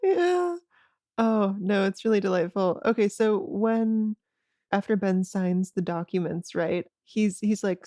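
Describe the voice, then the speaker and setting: A woman's voice: mid-range voice, expressive, dark tone, no echo. Giggly woman podcast co-host, dry mic. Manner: giggly, quick reactions, joking. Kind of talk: casual chat recapping a TV episode.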